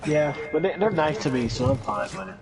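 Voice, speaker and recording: A man joining in casual banter with a friend during a game stream, giving brief, relaxed replies. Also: fairly high pitch, fairly quick, noisy background. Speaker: gaming friend.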